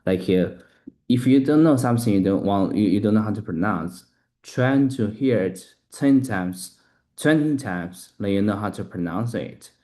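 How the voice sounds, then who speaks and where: A man learning English, talking haltingly, restarting sentences and spelling words letter by letter. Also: lowish voice, lively intonation, dark tone. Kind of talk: casual practice conversation.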